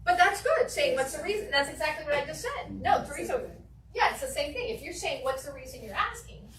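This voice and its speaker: A fairly high-voiced woman leads a real estate training class, jumping into little acted-out client exchanges as she goes. She is picked up from across an echoey room, with a faint hum of room noise behind her. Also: a little fast, far from the mic, crowd noise. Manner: animated, acts out client dialogues.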